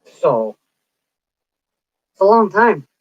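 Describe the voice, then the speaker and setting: Speaking very slowly, a woman in her forties with a mid-range voice swings widely in pitch as she rambles through stories on her psychic livestream, acting out quoted dialogue. The sound is dull, lo-fi and dry without echo.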